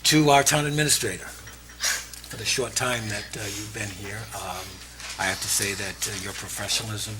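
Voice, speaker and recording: A man presiding over a town council meeting, speaking emotionally with many pauses and fillers as he gives farewell thanks. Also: lowish voice, fairly even intonation. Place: town hall council chamber. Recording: noisy meeting room recording.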